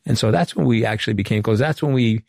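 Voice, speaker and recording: Speaking fast in a creaky, darkish, medium-pitched voice, this interview guest tells stories candidly and reenacts past dialogue. He's a middle-aged former White House communications director from Long Island, New York, recorded cleanly in a studio with no room sound.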